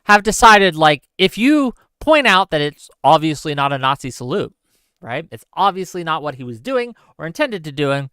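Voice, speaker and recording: A man's voice: a little high, very animated, moderate pace, pushed and bright, clear, resonant tone, no room sound. A man hosting a livestream, reading out chat comments and ranting in a sarcastic, exasperated way. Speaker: streamer host.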